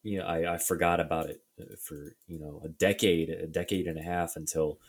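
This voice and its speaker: A man's voice: low-pitched, little pitch movement, fairly quick, slightly rough. A young adult man co-hosting a casual podcast, thinking aloud with many fillers and restarts. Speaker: podcast co-host.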